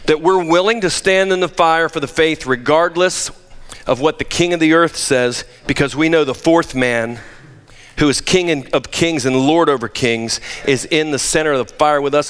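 A man's voice: mid-range voice, fairly bright tone. A man preaching a sermon as pastor, emphatic with joking asides, in a church sanctuary. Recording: long reverb of a large hall.

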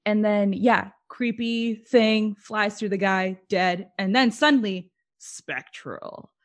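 A woman's voice: medium pitch, steady tone, slow pace. A woman chatting casually as co-host, telling a rambling story and laughing often. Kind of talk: casual chat.

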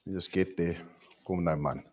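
A man's voice: sits low, fairly even intonation, fairly quick, a little mellow. A man with a South African accent preaching a sermon in a church, joking with the congregation and dropping Afrikaans asides. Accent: South African English. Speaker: pastor.

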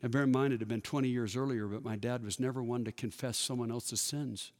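A man in his fifties recounts personal stories at a church workshop, folksy and conversational, acting out what people said. His mid-range voice has a darkish tone, fairly even intonation and a brisk pace. The sound carries the long reverb of a large hall.

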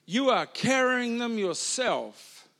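A high-pitched man preaches a church sermon. He talks like a friend, drifting into asides and then driving points home with emphatic bursts. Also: expressive, takes it slowly, vocal fry, a bit bright. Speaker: pastor. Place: church hall.

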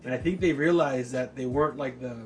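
A man in his forties telling a story in casual chat, profane and animated, often checking in with "right?". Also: medium pitch, brisk, soft background music.

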